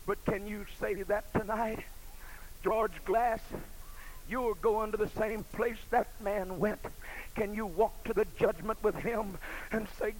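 Very high-voiced shouting preacher. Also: male voice, steady tone, takes it slowly, long pauses, a little hiss or hum, poor audio. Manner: shouting, rhythmic, rising and falling. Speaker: pastor. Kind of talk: sermon.

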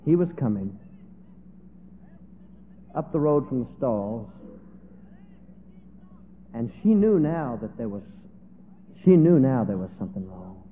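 A man's voice: mid-range voice, very animated, slow, long pauses, slight background noise. A man preaching, telling a story in a dramatic, emotional way. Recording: tinny, phone-like echoey hall.

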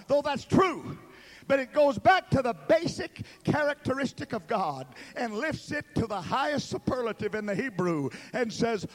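A man with a strikingly high voice preaches a sermon. He rises to fervent shouts, then drops to a hushed, drawn-out murmur for emphasis. He hammers words in dramatic threes. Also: animated. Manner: repeats words in dramatic triplets.

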